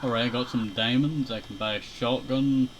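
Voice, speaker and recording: A man's voice: medium pitch, steady tone, normal speed, muffled recording, noisy background. A young man casually chatting while playing a shooter game, laid-back and rambling, chuckling often. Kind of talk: casual gaming commentary.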